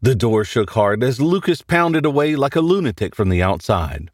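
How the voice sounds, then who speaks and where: A man hosting and narrating a horror story in a dramatic, animated reading. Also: medium pitch, normal speed, dry recording, studio quality. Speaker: host and narrator.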